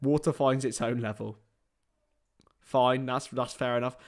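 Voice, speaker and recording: A young man hosting a live football watchalong, joking with banter between bursts of excited play-by-play calls. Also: medium pitch, unhurried. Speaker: host.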